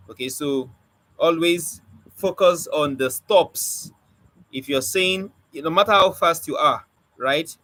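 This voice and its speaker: A man teaches a spoken word poetry class, speaking in quick bursts with a stammer, drilling points and quizzing his students. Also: on the high side, rough recording. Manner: animated teacher, asks the class questions and drills points by repeating them. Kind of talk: live online class lecture.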